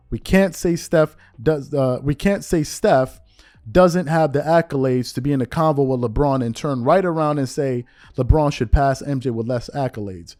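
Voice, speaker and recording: A man's voice: fairly high pitch, a little mellow. A man hosting a commentary show, giving emphatic, opinionated sports commentary in a slangy, conversational way and firing off repeated rhetorical questions.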